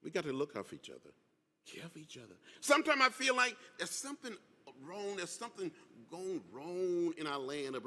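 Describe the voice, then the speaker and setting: An older man in his seventies delivers a stirring keynote in a large conference hall, his voice high and bright with sweeping swings of pitch. He builds his lines in a rhythmic, repeating, preacher-like cadence, and the long reverb of the room rings behind him. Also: big pitch swings, normal speed. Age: 70s. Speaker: keynote speaker. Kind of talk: impassioned speech.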